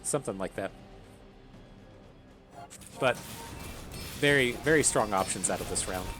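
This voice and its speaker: A man's voice: fairly low pitch, unhurried, music in the background. A man giving casual commentary while playing a video game, rambling, repeating words and swearing now and then. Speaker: gaming streamer.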